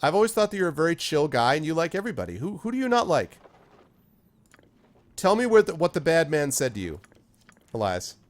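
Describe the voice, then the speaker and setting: A man's voice: a little high, big pitch swings, fairly quick, pauses often. A man streaming a game, chatting casually with viewers by name in a rambling way while he plays. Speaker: streamer reading chat while playing. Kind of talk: casual live-stream chat.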